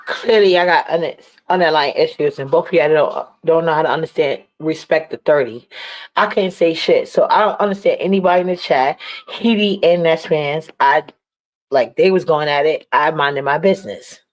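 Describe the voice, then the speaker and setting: A woman's voice: sits low, normal speed. A woman hosting a live stream, chatting loosely and rambling as she wraps up. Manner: rambling, loose and wrapping up, with fillers. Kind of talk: casual chat.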